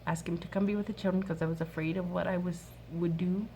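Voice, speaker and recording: A woman in her thirties giving an earnest, soft-spoken faith-based advice talk to other mothers. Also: lowish voice, fairly even intonation, fast, slight background noise. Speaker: mom sharing a workshop talk.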